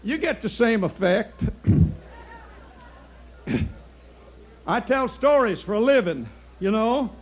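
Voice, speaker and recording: Older male comic, high-pitched, folksy storyteller who laughs at his own punchlines. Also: animated, slow, pauses often. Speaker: comedian. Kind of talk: stand-up comedy monologue. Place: outdoor stage.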